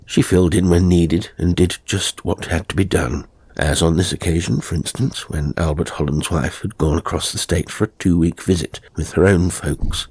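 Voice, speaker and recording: Deep husky male horror narrator. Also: steady tone. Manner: slow, measured, hushed at times.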